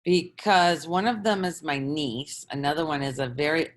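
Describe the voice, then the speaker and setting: Low-voiced woman, hesitant seeker in a dialogue. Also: normal speed. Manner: hesitant, searching for words. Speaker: participant seeking guidance. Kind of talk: casual conversation.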